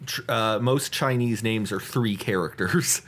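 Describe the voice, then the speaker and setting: A man's voice: on the low side, a little slow, a bit bright. A man co-hosting a podcast who explains things in casual chat, swearing and correcting himself. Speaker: podcast co-host.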